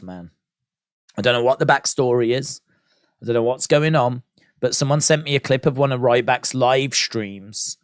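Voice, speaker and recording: A man's voice: medium pitch, no room sound, clean studio sound. A man with a British accent hosting a wrestling live stream, chatting casually, joking and laughing while reading out viewer comments. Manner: chatty and laughing, jokes at length.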